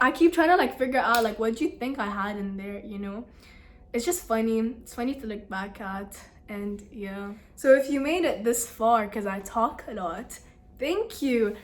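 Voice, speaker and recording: A young woman vlogger telling a story to the camera in a casual, animated, exasperated way. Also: on the high side, slight background noise.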